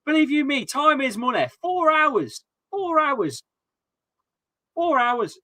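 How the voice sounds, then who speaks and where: A man's voice: very high voice, very animated, a little slow, sharp tone, dry recording. A man in his thirties chatting casually and ranting with swearing on a live football watchalong stream.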